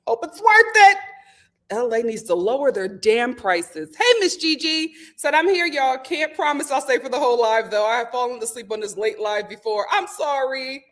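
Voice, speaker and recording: A woman with a fairly high voice that swings widely in pitch, hosting a casual live stream from home. She reads out viewer comments and breaks into animated, laughing outbursts. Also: normal speed. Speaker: live stream host reading chat.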